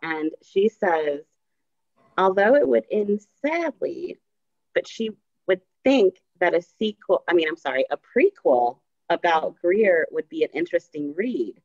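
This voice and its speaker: Low-voiced woman host, lo-fi sound. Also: sing-song, unhurried, a little mellow. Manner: reads out viewer questions. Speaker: book club host. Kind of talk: casual interview chat. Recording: dull lo-fi sound.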